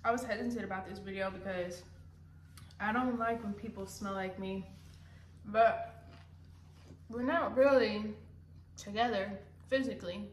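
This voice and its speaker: Sitting hunched over indoors at home, a young woman vlogger rambles in casual chat, sometimes speaking through a mouthful of food. Her mid-range voice moves a little slowly, with long pauses. It's a roomy home recording with a faint layer of noise.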